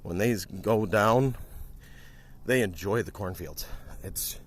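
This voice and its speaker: A slightly low-voiced man from Wisconsin rambles in a casual walking vlog. He is a little out of breath from walking fast, talking into a handheld phone outdoors beside cornfields. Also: a little hiss or hum. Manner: rambling, chatty, talks while walking. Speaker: streamer. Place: outdoors by cornfields on a country lane. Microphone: handheld phone while walking.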